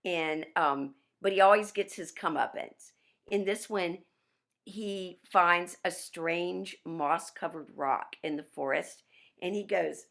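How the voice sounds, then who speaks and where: A woman piano teacher giving a workshop over a video call, chatty and animated, with restarts. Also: on the low side, takes it slowly, vocal fry.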